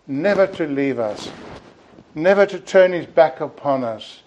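A man preaching an evening sermon in an earnest, deliberate way, often closing his points with "you see". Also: mid-range voice, expressive, a little mellow, a little hiss or hum, low-quality recording.

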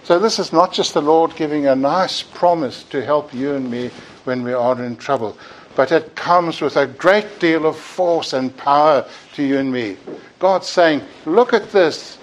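A man's voice: on the high side, measured pace, a little hiss or hum, rough recording. A man preaching a sermon in a church, earnest and emphatic, sometimes repeating words as he builds a point.

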